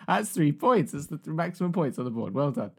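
A man casually hosting a party game, laughing often and tossing quick asides. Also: on the high side, sing-song, a little mellow. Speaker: game host.

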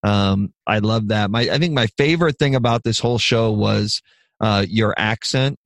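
A man's voice: fairly low pitch, normal speed, dry recording, clean studio sound. A man co-hosting a podcast who gives enthusiastic feedback and laughs easily as he talks. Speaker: podcast co-host giving feedback. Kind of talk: casual chat.

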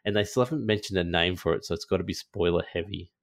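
Deep, gravelly podcast host. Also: male voice, quick pace. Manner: chatty, excitable, lots of fillers. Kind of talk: casual gaming podcast chat.

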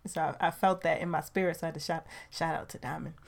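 A woman's voice: deep voice, fairly even intonation, fast, gravelly. A woman hosting her podcast in a chatty, playful way, talking from her bedroom at home into a mic. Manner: chatty and playful, with laughs and slang. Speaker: podcast host. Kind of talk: casual podcast monologue. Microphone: home recording mic.

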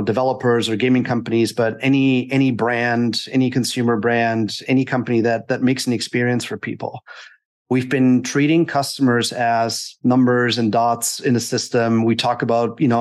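A man who co-founded a company, speaking as an interview guest in a chatty, explanatory way with frequent fillers. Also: mid-range voice. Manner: conversational, explanatory, filler-heavy. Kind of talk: business interview.

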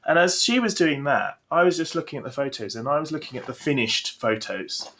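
A young man, a podcast co-host and game master, chatting casually with animated, self-deprecating storytelling. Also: a little high, brisk.

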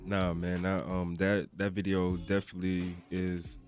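A man hosting a casual interview, asking questions in a relaxed, easygoing way. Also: deep voice, unhurried, soft background music. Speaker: interview host.

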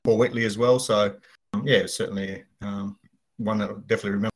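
Middle-aged Australian male guest, low-pitched, easygoing, hesitant. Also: fast talker. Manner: relaxed, many ums. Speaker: guest, retired footballer. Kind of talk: casual interview chat.

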